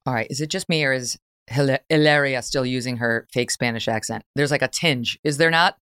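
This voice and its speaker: A middle-aged woman hosting a talk show, giving blunt, opinionated commentary with quick asides. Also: extremely low pitch, fairly bright tone, clean tone, no echo, clean studio sound. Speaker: podcast host.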